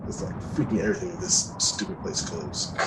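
A man's voice: sits low, fairly quick, heavy background noise. A man playing a tabletop game, chatting and laughing as he describes his character's turn. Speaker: player. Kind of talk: casual tabletop play.

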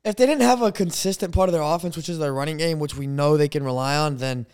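A man's voice: fairly high pitch, smooth. A man co-hosting a sports podcast, brash and argumentative, with plenty of swearing. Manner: fast, brash, swears, argues loudly. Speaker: podcast co-host. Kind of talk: casual sports chat.

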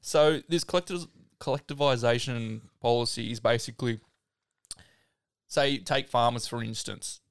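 A man's voice: medium pitch, moderate pace, creaky, clear, resonant tone, no echo, clean studio sound. A man hosting a podcast, casually explaining history and laughing often. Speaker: podcast host. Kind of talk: casual chat.

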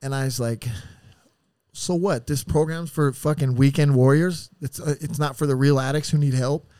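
A man's voice: mid-range voice, brisk, clear, resonant tone, no echo. Blunt, profane man telling his story. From San Diego area. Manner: blunt, profane, animated retelling with quoted voices. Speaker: podcast guest. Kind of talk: candid storytelling.

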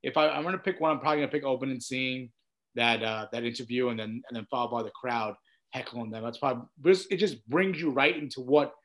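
A man's voice: mid-range voice, quick pace, a bit bright. A man co-hosting a sports movie podcast, enthusiastic and agreeable, quoting favorite lines. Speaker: podcast co-host. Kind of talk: casual chat.

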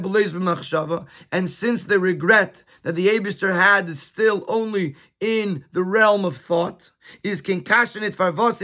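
Guy going through a text, kinda high bright voice, stumbles and repeats words. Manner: repeats words and stammers while explaining. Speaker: Torah teacher. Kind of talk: reading a Yiddish text and translating it into English.

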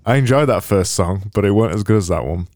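A man's voice: fairly low pitch, quick pace, a little mellow, no room sound, clean studio sound. A man co-hosting a casual podcast, blunt and teasing. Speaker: podcast co-host. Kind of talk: casual chat.

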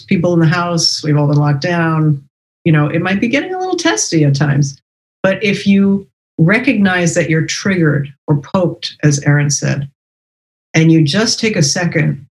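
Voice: mid-range voice, poor audio. A podcast host talking casually, reflective and affirming.

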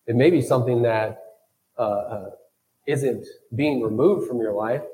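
A man's voice: medium pitch, measured pace, dark tone, rough recording. A man preaching a sermon, thinking aloud and often repeating his words as he goes. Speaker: pastor.

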